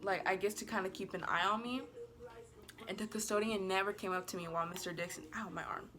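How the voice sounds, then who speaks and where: A woman's voice: medium pitch, steady tone, quick pace, crowd noise. A woman telling a casual storytime to camera in a chatty, rambling way, full of "like", giggling and bubbly. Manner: chatty and rambling, heavy use of "like"; bubbly and giggly, apologizes playfully. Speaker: vlogger.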